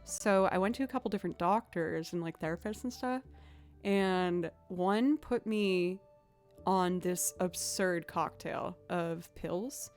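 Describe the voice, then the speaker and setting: A woman's voice: lowish voice, a little mellow. A young woman streaming, chatting casually with viewers in a rambling way, with lots of "like" and "um".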